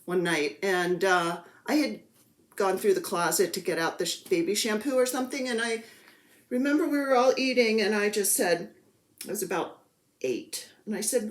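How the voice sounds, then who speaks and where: In an echoey room, a woman with a mid-range voice chats casually about her cross-stitch projects. She rambles and pokes fun at herself, like a relaxed show-and-tell.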